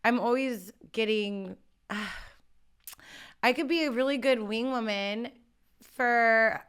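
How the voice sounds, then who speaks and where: A woman's voice: on the high side, slow, a bit bright, clean tone. A woman guesting on a podcast, talking candidly and crudely and laughing often. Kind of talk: casual chat.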